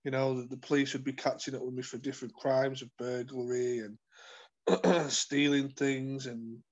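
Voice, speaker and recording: A man telling his life story as an interview guest, earnest and halting, with many fillers and restarts. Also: medium pitch, flat delivery, lo-fi sound. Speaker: guest sharing his testimony. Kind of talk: personal testimony in conversation.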